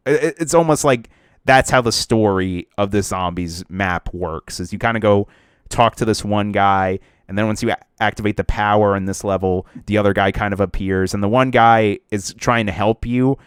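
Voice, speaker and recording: Low-voiced rambling podcast guy. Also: clean tone, no echo, studio quality. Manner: rambling, many "like" fillers and restarts. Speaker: podcast co-host. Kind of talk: casual chat about video games.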